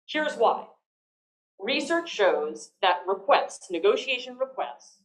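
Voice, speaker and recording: A woman giving a lively, conversational public lecture on negotiation, often checking in with the audience. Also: on the high side. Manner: lively, conversational, frequent "right?" tags. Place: lecture hall. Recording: echoey lecture hall.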